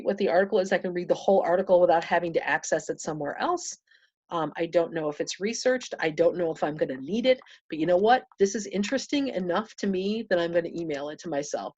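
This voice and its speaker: A woman's voice: mid-range voice, slightly rough, lo-fi sound. Chatty woman guiding a database tutorial. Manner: chatty, thinks aloud, many fillers and restarts. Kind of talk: casual screen-share tutorial.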